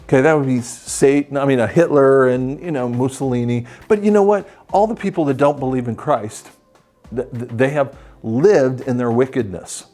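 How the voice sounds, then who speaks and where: A man teaching the Bible in a sermon style, animated and acting out the voices of the people he quotes. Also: medium pitch, normal speed, soft background music.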